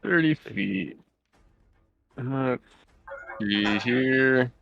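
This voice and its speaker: Male player, slow and unhurried, bright clean voice, dry close mic. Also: mid-range voice, creaky, muffled recording, faint music behind. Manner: laid-back, hesitant. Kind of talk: casual chat while playing a tabletop game.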